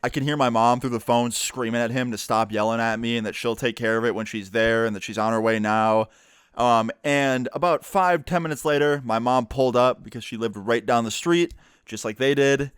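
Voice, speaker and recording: Smooth-voiced young man telling a story. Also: medium pitch, moderate pace, no room sound, clean studio sound. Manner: profane, animated retelling with quoted dialogue. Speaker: YouTuber. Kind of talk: casual storytime monologue.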